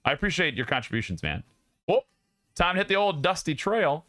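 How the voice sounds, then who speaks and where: A young man hosts a stream, joking and laughing as he rambles to his viewers. His voice is bright and forward. The sound is dry and close. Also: a little high, sing-song, brisk, dry recording. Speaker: streamer host. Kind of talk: casual chat with stream viewers. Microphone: studio mic.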